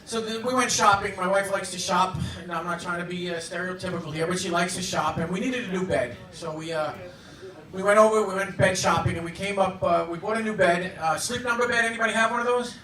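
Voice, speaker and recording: Deadpan stand-up comic man, roomy club. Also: high voice, a crowd in the background. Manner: deadpan, halting delivery with fillers. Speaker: stand-up comedian. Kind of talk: stand-up comedy set. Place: comedy club stage with audience laughter. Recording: roomy club sound, audience recording from a distance.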